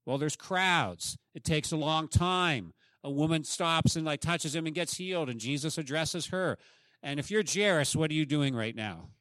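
A man's voice: fairly high pitch, animated, normal speed, a bit bright, dry recording, clean studio sound. A man preaching a sermon as pastor, emphatic and often asking the congregation questions.

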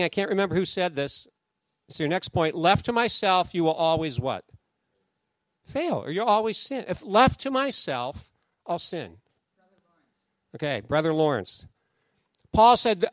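A man preaching a sermon to his congregation, animated, acting out the voices of the people he quotes. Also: high voice, no room sound, studio quality. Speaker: pastor.

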